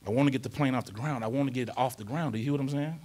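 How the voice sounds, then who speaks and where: Talking rapid-fire in a mid-range voice, this man is a pastor giving an informal sermon in church. He repeatedly checks that the congregation is following along, and his delivery grows louder and more emphatic as he reads scripture.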